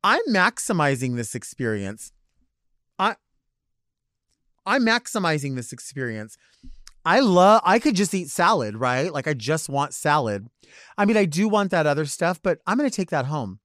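A man hosting in drag talks in a high-ish voice that leaps all over the place. He rambles through campy, theatrical asides in comic monologue style. The sound is dry and close, with no room around it. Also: big pitch swings, normal speed, fairly bright tone, no room sound. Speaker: podcast host in drag. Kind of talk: comic talk-show monologue.

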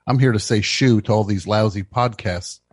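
A man hosting a comedic radio show, riffing brashly and swinging between mock shouting and muttering. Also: on the low side, moderate pace, no room sound, clean studio sound. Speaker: host. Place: radio studio.

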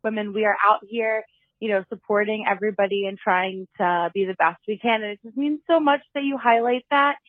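A woman's voice: mid-range voice, fairly quick, no room sound. A woman leaving a heartfelt, earnest voicemail for a host. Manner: earnest, emotional. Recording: dry tinny phone voicemail.

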